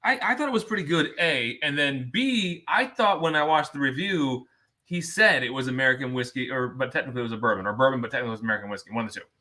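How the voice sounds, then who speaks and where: A man's voice: mid-range voice, fast talker. A man co-hosting a live whiskey tasting, talking in casual, joking banter. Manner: joking, animated and talkative.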